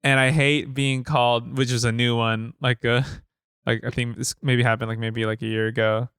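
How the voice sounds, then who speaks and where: A man's voice: medium pitch, level tone, normal speed, a bit bright, clean tone, no echo, studio quality. A man co-hosting a podcast in casual chat, rambling and heavy with fillers. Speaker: podcast co-host.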